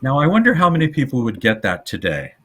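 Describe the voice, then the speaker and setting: A man co-hosting a podcast in casual chat, telling film history stories in an animated way. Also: medium pitch, quick pace, slightly rough. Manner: animated storytelling, trivia-laden. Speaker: podcast co-host.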